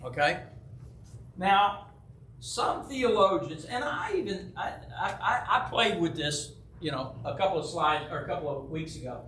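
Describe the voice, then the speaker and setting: A man's voice: sits high, moderate pace, reverberant, slight background noise. A man, the pastor, teaching a Bible study in a loose, conversational way, telling personal stories, acting out voices and often checking in with "right?". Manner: animated storyteller who acts out quoted voices. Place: church hall.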